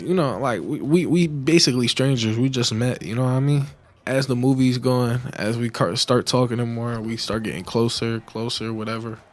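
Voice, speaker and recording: A young man telling a story in a casual, crude, slang-heavy way, with laughing asides. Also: medium pitch. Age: young adult. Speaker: vlogger.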